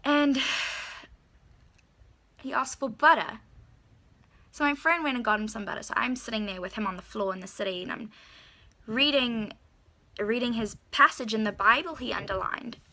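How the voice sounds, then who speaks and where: A woman's voice: fairly high pitch, normal speed, long pauses, bright, forceful tone. A woman telling a personal story in a chatty vlog, full of "like" and "you know". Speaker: vlogger.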